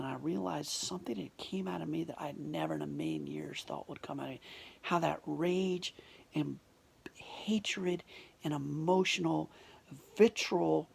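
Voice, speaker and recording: A woman telling a personal story in an emotional, confessional way, often dropping to a hushed near-whisper. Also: sits low, vocal fry, husky.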